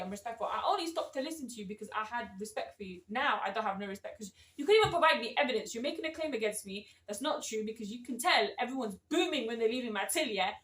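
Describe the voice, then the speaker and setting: Young woman, rapid slangy vlog chat, roomy echo, off-mic. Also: mid-range voice, recorded from a distance. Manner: animated storytelling, slangy, quotes people. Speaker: vlogger. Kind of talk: casual chat.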